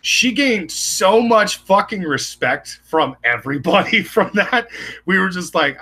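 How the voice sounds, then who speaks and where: Lively, profane, rambling podcast man. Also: medium pitch, breathy edge. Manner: rambling, profane, fast bursts with restarts. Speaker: podcast co-host. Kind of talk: casual crude podcast banter.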